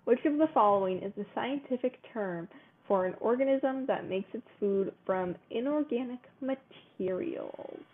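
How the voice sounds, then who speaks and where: A woman with a somewhat raised voice reads quiz questions aloud in a relaxed chat with a friend, laughing often. Her sound is narrow and tinny, as if heard over a phone line. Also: fairly high pitch, unhurried. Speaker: co-host.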